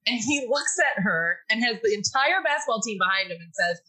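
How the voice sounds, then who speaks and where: An excitable woman chimes in during a casual movie chat, eager to share her own favorite moments. Her voice sits a touch high, bright and a little breathy. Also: a little fast, low-quality recording.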